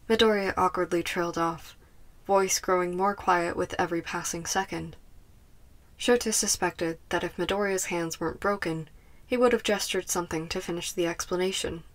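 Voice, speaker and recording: A woman reading a fan fiction story aloud in scripted narration, with a soft and even storytelling manner. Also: on the low side. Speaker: podfic reader.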